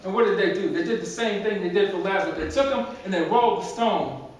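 A male pastor preaches with emphatic storytelling and repeated phrases in a notably high voice. His voice rings through a very echoey church, and he is far from the microphone. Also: fast talker, slight background noise. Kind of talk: sermon. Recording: very echoey church, distant mic.

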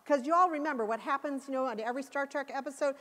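A woman's voice: sits high, fast, fairly bright tone. A woman giving a passionate, emphatic conference talk. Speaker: conference speaker. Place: conference hall. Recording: long hall reverb.

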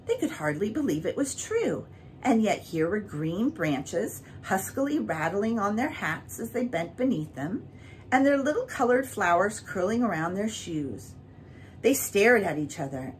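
A woman reading a children's book aloud, with an expressive, varied delivery. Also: medium pitch, unhurried, slight background noise, poor audio. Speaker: storyteller.

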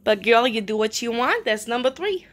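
A chatty young woman with a fairly high voice talks through her items one by one at home. Her casual vlog delivery is easygoing and full of fillers. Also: lively intonation, normal speed, a bit bright. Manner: chatty, filler-heavy item descriptions. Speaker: online reseller. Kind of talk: casual live-sale vlog.

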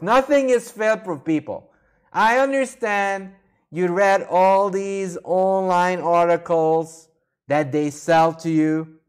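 A man's voice: sits high, smooth. A male streamer lecturing his chat with blunt self-improvement advice. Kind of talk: casual advice monologue.

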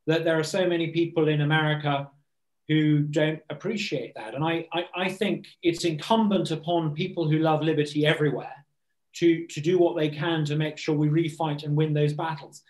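A man's voice: a little high, steady tone, moderate pace, darkish tone, roomy sound. A man from Britain, a think tank president, speaking earnestly and eagerly as a guest on a video call interview, often restarting his words.

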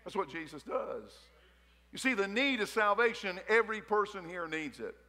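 A man's voice: high-pitched, very animated, moderate pace, sharp tone. A man preaching a fervent sermon as pastor in a church, repeating his points with folksy asides. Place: church sanctuary. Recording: long hall reverb in a church.

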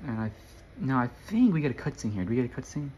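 A man's voice: mid-range voice, big pitch swings, racing, mellow, slight background noise. A young man giving casual, rambling gameplay commentary and chatting to his viewers. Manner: rambling, self-correcting, addresses viewers. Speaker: gamer.

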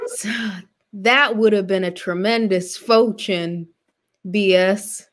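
A woman's voice: mid-range voice, takes it slowly, fairly bright tone, pitched below the performer's own voice. A woman voicing a poor rural laborer in a put-on Arkansas accent, reading comic lines with a folksy drawl. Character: poor rural man, a plain-spoken laborer.

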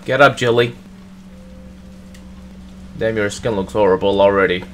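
A man's voice: on the low side, unhurried, slight background noise. A man hosting a gaming channel, giving casual, jokey let's-play commentary and talking straight to his viewers. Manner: excitable, jokey, talks to viewers.

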